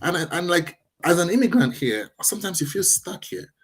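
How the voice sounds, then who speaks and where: A man's voice: sits high, sing-song, fairly quick, crowd noise. A man from Nigeria, a podcast guest, talking earnestly in a casual interview and restarting his sentences as he thinks aloud.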